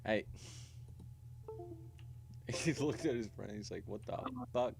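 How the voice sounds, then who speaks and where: Deep-voiced rambling streamer man. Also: slow, vocal fry, darkish tone, soft background music. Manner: rambling, profane, provocative. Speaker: livestream host. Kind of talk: casual video chat with strangers.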